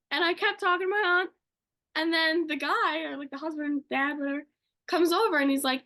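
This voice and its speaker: A woman's voice: high voice, a little fast, bright, forceful tone. A young woman co-hosting a podcast, telling a story casually and gushing, with lots of fillers. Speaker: podcast co-host.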